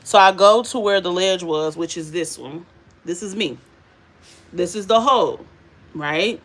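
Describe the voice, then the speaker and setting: A young adult woman, casually telling a lively story to her viewers and laughing often. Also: lowish voice, a little slow. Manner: animated, laughing, addresses viewers as y'all. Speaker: beauty and faith vlogger.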